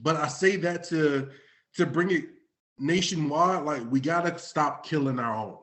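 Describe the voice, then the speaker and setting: A man's voice: on the high side, unhurried, fairly bright tone. A man in his late thirties from Florida, hosting a podcast in casual chat, talking loosely and profanely while a bit intoxicated. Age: late 30s. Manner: loose, profane, slightly tipsy talk. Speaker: podcast host.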